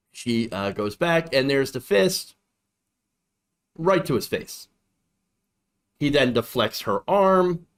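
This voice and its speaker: A man's voice: medium pitch, a bit bright. A man doing online political commentary, indignant and sarcastic, often repeating himself for emphasis.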